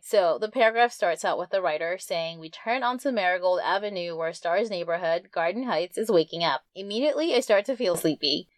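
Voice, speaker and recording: A woman of mid-range pitch talks through a book she admires. She is earnest and reflective and slows down to read passages aloud. The recording is dry and close, with no room sound. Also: dry recording. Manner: earnest, reflective, reads quotes slowly. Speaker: book podcast host.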